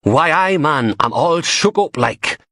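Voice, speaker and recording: A man's voice: on the high side, animated, takes it slowly, sharp tone, no room sound, studio quality, pitched above the performer's own voice, full character voice. A man voicing a big, jeering thug in an Elvis getup who speaks with a Geordie accent.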